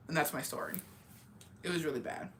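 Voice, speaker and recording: Bright-voiced young woman, blunt and profane. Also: sits low, a little hiss or hum. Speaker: streamer. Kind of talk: casual storytelling.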